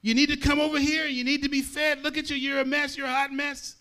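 A man preaching, voicing a woman who yells urgently to passers-by that they need to come in and be fed. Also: very high voice, flat delivery, fast, voice pushed up. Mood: urgent coaxing. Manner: urgent, coaxing, yelling. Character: loud, pushy woman calling people in.

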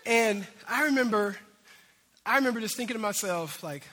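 A man preaching a sermon as a pastor, telling a story in an animated way that swings between loud bursts and hushed moments. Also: high voice, fairly quick. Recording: hall reverb.

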